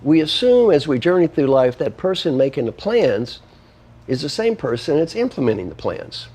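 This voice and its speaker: A man's voice: fairly high pitch, sing-song, normal speed, mellow, breathy edge. Emphatic man teaching a list. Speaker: guest author and coach. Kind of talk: conversational interview.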